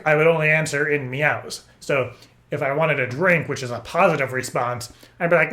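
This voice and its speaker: A man making a prank phone call, rambling and stammering through deadpan absurd stories. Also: a little high, moderate pace. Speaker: prank caller.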